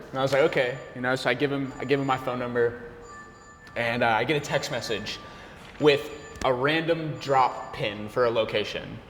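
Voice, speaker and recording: A young man, a barista, telling a story in an animated, slangy way, his voice jumping up when he gets excited. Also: fairly high pitch, a little hiss or hum. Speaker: barista and café worker. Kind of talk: casual storytelling chat. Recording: roomy echo with long reverb, faint ambience.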